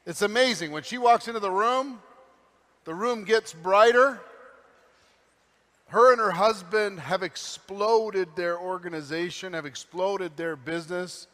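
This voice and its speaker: A man's voice: high voice, a little slow, a bit bright. A man enthusiastically introducing a speaker to a conference crowd. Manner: enthusiastic, effusive. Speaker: event emcee. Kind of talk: stage introduction. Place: large convention hall. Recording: echoey hall reverb.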